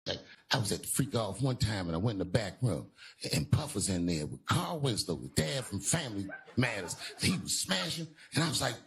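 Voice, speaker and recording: A man's voice: very animated, fairly quick, vocal fry, a little hiss or hum. A man doing a stand-up set, self-mocking and acting out others in his stories. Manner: self-mocking, with sudden jumps in pitch. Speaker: stand-up comedian. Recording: live club with loud crowd.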